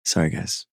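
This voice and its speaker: A man hosting a live stream, chatting casually with callers and explaining science in a hesitant, halting way. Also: dry recording, clean studio sound. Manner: hesitant, halting, many fillers and restarts. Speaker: livestream host.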